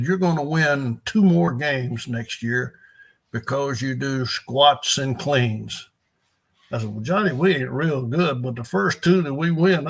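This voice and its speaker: An older man, a veteran NFL strength and conditioning coach, appears as a guest in a storytelling interview, spinning rambling folksy anecdotes punctuated by chuckles. His mid-range voice carries vocal fry and a slightly bright quality.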